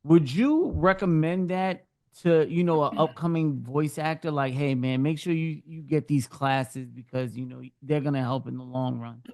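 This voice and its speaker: A man's voice: a little high, steady tone, normal speed, creaky, darkish tone. A man hosting a podcast interview, asking questions in an enthusiastic, encouraging way. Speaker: podcast host. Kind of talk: casual interview chat.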